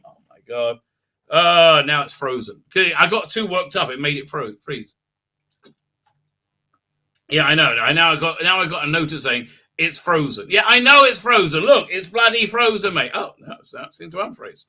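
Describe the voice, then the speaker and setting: Bright rambling man, sarcastic. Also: fairly high pitch, animated, moderate pace. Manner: rambling, sarcastic, many fillers. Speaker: host. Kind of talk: live stream commentary.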